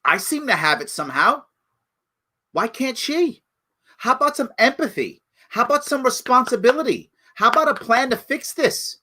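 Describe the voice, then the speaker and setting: A middle-aged man giving impassioned solo commentary as a talk show host, emphatic and preachy, dropping from outrage to low pleading. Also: big pitch swings, moderate pace. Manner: emphatic and preachy, jumps from loud outrage to low hushed pleas.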